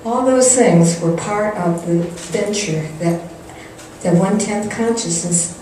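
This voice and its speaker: A woman's voice: mid-range voice, slow pace, warm tone. Older woman telling an earnest story. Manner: earnest storytelling, acts out quotes. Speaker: spiritual teacher. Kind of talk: personal story in a spiritual talk. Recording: echoey hall, distant mic, faint noise.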